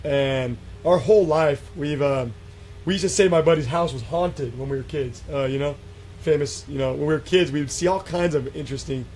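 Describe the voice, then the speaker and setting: Animated storytelling man, slightly high voice. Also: normal speed, slight background noise. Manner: animated, acts out quotes, many fillers and restarts. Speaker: guest telling an encounter story. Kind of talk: casual storytelling on a radio show.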